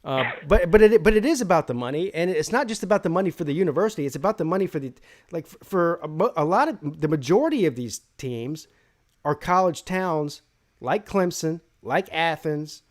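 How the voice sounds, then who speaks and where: A man's voice: on the high side, expressive, fairly quick. Opinionated male sports talk host. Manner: rambling opinionated talk with many restarts. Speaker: host of a college football call-in show.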